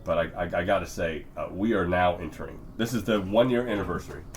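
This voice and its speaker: A man's voice: sits low, fast, a little hiss or hum. A man co-hosting a podcast in casual, profane chat, rambling with lots of fillers and restarts. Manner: rambling, swears freely, many fillers and restarts. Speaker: podcast co-host.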